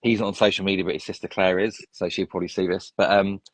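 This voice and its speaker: Englishman, low register, rambling anecdotal guest, dry close sound. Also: little pitch movement, fast talker, no room sound. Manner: rambling, full of restarts and tangents. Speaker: interview guest. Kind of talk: casual storytelling.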